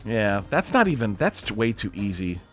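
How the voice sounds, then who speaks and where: Male co-host, casual and animated, faint music behind. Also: on the low side, normal speed. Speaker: livestream co-host. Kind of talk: casual chat.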